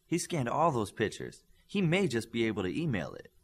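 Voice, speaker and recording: A man's voice: medium pitch, wildly swooping pitch, brisk, breathy edge, exaggerated voice. A man voicing a proud, stern female teacher with a Scottish accent, dry and pointed in how she speaks. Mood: stern teacherly.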